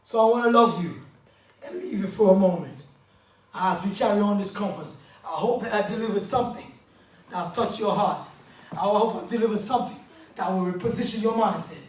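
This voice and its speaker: A man with a London accent giving a motivational conference speech, preaching, repeating lines and leading the crowd in call-and-response, often shouting. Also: high-pitched, brisk. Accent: London English. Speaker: motivational speaker. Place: conference hall. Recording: echoey hall, distant mic.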